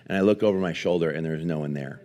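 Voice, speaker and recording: A man in his forties, a pastor preaching a sermon, telling a personal story with frequent laughs and fillers, then teaching in a quieter, slower way. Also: low-pitched. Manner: animated storyteller, laughs often, many fillers.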